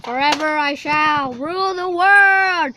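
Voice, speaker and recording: A woman's voice: high voice, takes it slowly, heavy background noise. Woman doing Lexi, a scheming evil cat. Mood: playful. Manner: grandiose villain boasting, easily distracted. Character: scheming evil house cat bent on ruling the world. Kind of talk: playful home-video voice-over.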